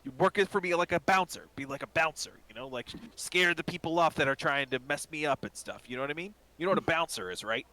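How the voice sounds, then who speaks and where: A man's voice: fairly high pitch, quick pace, hardly any pauses, sharp tone, pitched above the performer's own voice. A man voicing a timid male shopkeeper who stammers and pleads nervously.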